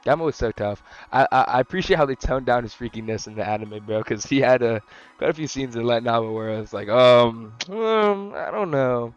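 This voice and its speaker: A young man casually rambling through an anime review, slangy, profane and excitable. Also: medium pitch, fast, muffled recording, soft background music. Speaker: anime vlogger.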